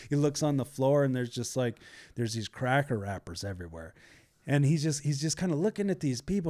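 A man's voice: medium pitch, moderate pace, a little mellow. A man telling a story in casual chat, acting out the people he quotes.

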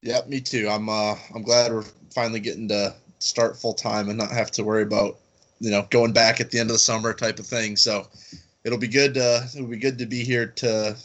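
A young man, just out of college, chatting on a podcast in an easygoing, relaxed way. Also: fairly low pitch, a little fast. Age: young adult. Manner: easygoing, relaxed, laughs lightly. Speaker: podcast guest. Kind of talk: casual chat.

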